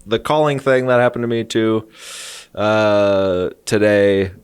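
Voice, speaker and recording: A man's voice: fairly low pitch, takes it slowly, clear, resonant tone, no room sound. Man in his thirties, podcast co-host, rambling comic storyteller, dry mic. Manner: rambling storyteller, jokey asides. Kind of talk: casual comedic chat.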